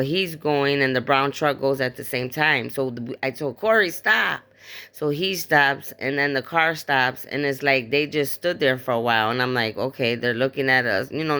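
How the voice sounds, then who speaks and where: A woman's voice: extremely low pitch, fairly bright tone. A middle-aged woman, a grieving mother, vividly retelling a traumatic event with quoted speech, fillers and raw swearing. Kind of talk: personal testimony.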